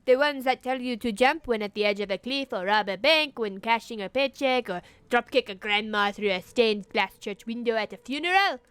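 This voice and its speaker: A woman voicing a female curator, slow and sinister. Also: on the high side, fairly bright tone, clear, resonant tone, dry recording, close to an everyday voice. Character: French female curator, dark and eerie.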